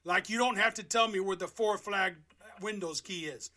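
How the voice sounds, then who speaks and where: A man making a prank phone call, playing a theatrical, flamboyant character who bursts into yelling. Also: sits high, normal speed. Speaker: scam-baiting prank caller.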